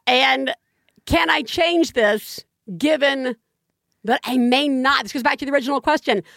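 A woman's voice: unhurried, vocal fry, no room sound, clean studio sound. A woman co-hosting a podcast, telling a parenting story in casual chat, her voice leaping up when she gets exasperated. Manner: animated storytelling, voice jumps high when exasperated. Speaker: podcast co-host.

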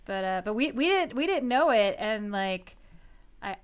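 Casual podcast co-host, woman, thirties, fairly high and smooth, giggly rambling storyteller. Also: expressive, normal speed. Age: 30s. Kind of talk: casual chat.

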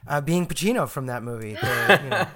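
Halting, chatty man guest. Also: a little high, lively intonation, sharp tone, soft background music. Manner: halting, self-interrupting storytelling. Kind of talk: casual chat.

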